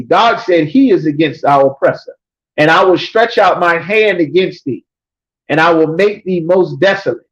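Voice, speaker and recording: A man teaching a scripture class, reading verses slowly and then explaining them emphatically, often checking with "you understand?". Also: a little high. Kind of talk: preaching scripture breakdown. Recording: dull lo-fi recording.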